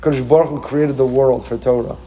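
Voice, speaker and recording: A man giving a sermon as a rabbi, animated and full of rhetorical questions, with Hebrew terms mixed in. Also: medium pitch, a little fast, husky.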